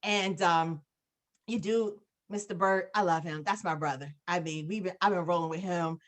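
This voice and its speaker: A woman's voice: on the low side, normal speed. Effusive woman on a video call. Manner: effusive, animated storytelling with many fillers. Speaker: guest speaker on a business call. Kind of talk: casual testimonial on a video call.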